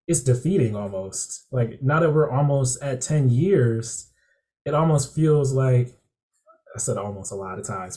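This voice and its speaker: A man's voice: medium pitch, dark tone. A young man speaking as a youth panelist on a video call, reflective and hesitant, with many fillers. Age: young adult. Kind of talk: casual panel discussion.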